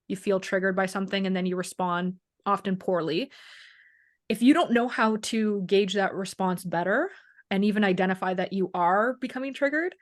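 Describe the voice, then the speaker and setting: Woman, wellness coach, casual interview talk, animated, filler "like", acts out quotes. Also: mid-range voice. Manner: frequent "like" and "you know". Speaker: chronic pain and wellness coach, guest.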